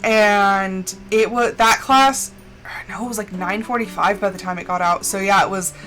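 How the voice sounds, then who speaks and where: A young woman streaming a game, telling stories in a casual, animated way and acting out quotes. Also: normal speed, low-quality recording. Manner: animated storyteller, acts out quotes with big pitch jumps. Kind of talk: casual chat while gaming. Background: faint game music.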